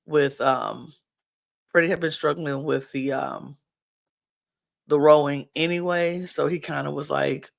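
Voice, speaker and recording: A woman hosts a podcast and talks through a reality-show episode in a relaxed, chatty way. Her voice has a gravelly, creaky texture, and she acts out what each person said as she goes. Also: deep voice, a little slow. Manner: chatty, acts out people's quotes. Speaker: podcast host. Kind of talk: casual reality-show recap.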